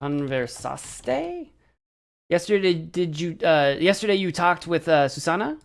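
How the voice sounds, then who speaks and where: American male streamer, lively swooping voice, talks his way through it, doubts himself aloud. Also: a little high, measured pace, creaky. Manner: chatty, thinks aloud and second-guesses himself. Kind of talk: casual chat while practicing a language app.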